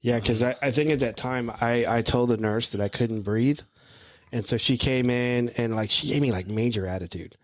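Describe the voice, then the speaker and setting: A man recounting a medical ordeal in casual conversation, halting as he pieces together what he remembers. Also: mid-range voice, no room sound. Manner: halting, piecing together hazy memories. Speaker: podcast co-host and guest.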